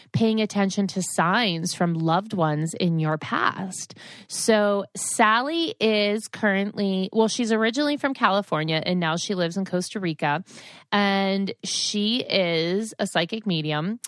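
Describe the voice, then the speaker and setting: A woman's voice: medium pitch, animated, measured pace, no echo. A woman in her forties hosting a podcast, telling a rambling story in a chatty, casual way with plenty of asides. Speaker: podcast host.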